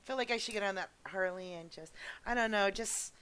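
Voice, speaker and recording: A woman in her twenties hosting a casual podcast stream, chatting in an animated way and acting out other people's lines. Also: mid-range voice, a little fast, clear, resonant tone. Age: 20s. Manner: animated, laughing, acts out friends' lines. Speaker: podcast host.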